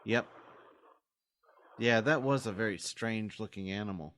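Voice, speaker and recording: A man's voice: fairly low pitch, a little slow, a bit bright, dry recording, clean studio sound. A man co-hosting a podcast, explaining things in an easygoing, teasing way. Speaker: podcast co-host. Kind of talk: casual podcast chat.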